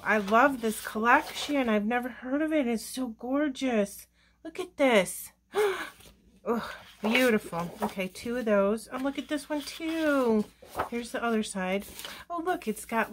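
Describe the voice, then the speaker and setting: A woman's voice: medium pitch, slight background noise. A woman presenting a crafting haul in a casual video, gushing with exclamations of delight. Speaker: crafting vlogger showing a haul.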